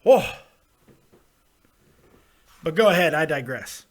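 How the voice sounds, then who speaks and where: A man hosting a live call-in show, talking in a loud, blunt and profane way and laughing often. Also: on the high side, animated, slow pace. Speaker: host of a wrestling call-in show. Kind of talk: casual live call-in chat.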